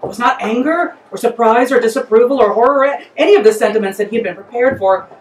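A woman author reading her comic story aloud in a lively, playful way. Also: a little high, quick pace, reverberant, distant mic, slight background noise, rough recording. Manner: lively, playful, breaks into laughter.

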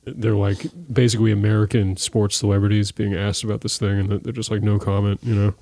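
A man co-hosting a casual podcast chat, excitable and giggly, often stumbling and restarting his sentences. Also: lowish voice, fairly quick, gravelly, dry recording. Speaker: podcast co-host.

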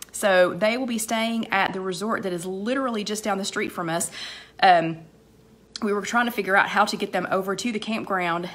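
A woman hosting a live online chat, slightly hoarse with a cold, chatting casually and rambling as she greets viewers by name between sentences, with many fillers and repeated phrases. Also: mid-range voice, a bit bright.

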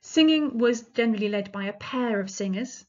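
A woman's voice: on the high side, normal speed, a little mellow, highs cut off. A woman giving an illustrated lecture on medieval music, explaining in a chatty way with frequent ums and restarts.

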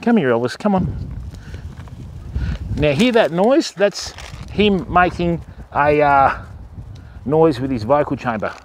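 Lively man coaxing animals. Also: on the high side, slow pace, long pauses, slight background noise. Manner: coaxing animals in a sing-song voice. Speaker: livestream host at a wildlife park. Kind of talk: casual outdoor livestream chat. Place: outdoors at a wildlife park.

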